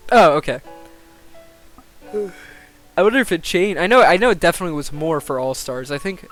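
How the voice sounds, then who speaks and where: A young man commentating a game simulation on a live stream, excitable, swearing and thinking aloud. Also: a little high, brisk, soft background music.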